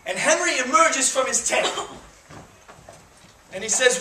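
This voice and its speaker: A man's voice: extremely high pitch, lively intonation, moderate pace, pauses often, sharp tone. A man, a touring actor, telling a history story to students in a jokey, conversational, emphatic way, recorded by a far camera in a school auditorium. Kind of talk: theatrical storytelling. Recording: echoey hall from far off.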